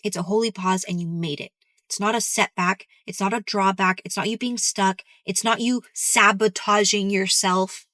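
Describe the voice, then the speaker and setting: Podcast host, woman, bright and forceful delivery, earnest motivational talk, dry close sound. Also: mid-range voice, steady tone, normal speed, no echo. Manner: earnest, emphatic, repeats key phrases. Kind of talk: motivational monologue.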